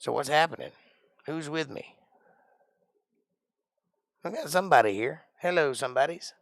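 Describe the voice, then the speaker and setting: A man's voice: on the high side, expressive, moderate pace, creaky, fairly bright tone, no echo. A man hosting a casual live stream, joking around in a put-on accent and sounding tired. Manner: joking, puts on an odd made-up accent. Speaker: livestream host.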